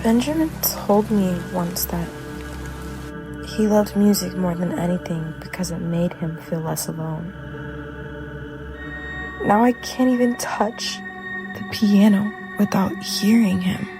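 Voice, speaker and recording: A young woman in mourning voiced by an actress speaks slowly in an animated short film. Her voice is gravelly and sorrowful. A score plays clearly beneath her. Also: medium pitch. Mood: mournful. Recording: under a music score.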